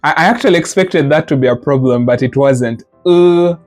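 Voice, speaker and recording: A man's voice: medium pitch, fairly quick. A man teaching a language class, patiently modeling sounds and drilling students with repetition. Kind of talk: classroom lesson.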